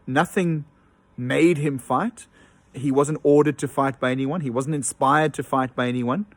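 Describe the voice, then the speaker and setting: A man's voice: medium pitch, no room sound. Hesitant male teacher, dry close sound. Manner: hesitant with frequent ums and uhs; explains patiently, tapping out rhythm aloud. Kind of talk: online lesson recap. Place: at home.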